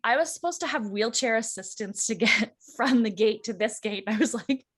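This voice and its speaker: Animated woman telling a travel story. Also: on the high side, normal speed. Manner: animated, acts out quoted voices, laughs often. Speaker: co-host. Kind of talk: casual storytelling chat. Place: church.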